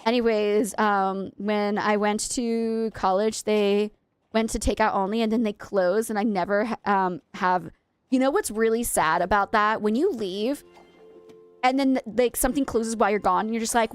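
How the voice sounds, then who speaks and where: A woman's voice: mid-range voice, steady tone, moderate pace, clean tone. A young woman from Maine chatting casually with viewers while she streams a game, wistful and rambling, often correcting herself mid-sentence. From USA (Maine).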